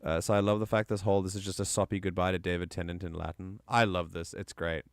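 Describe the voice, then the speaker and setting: A male streamer talking on a live stream with a fairly low, smooth, resonant voice. He rambles with enthusiasm and keeps stopping to correct his own words. The sound is dry and close, with almost no room echo. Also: little pitch movement, fast. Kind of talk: casual live-stream commentary.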